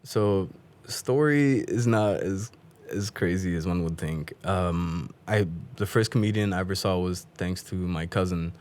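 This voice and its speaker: A man whose first language is Dari, chatting quickly and animatedly as a podcast guest, often laughing. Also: low voice, darkish tone. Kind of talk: casual interview chat.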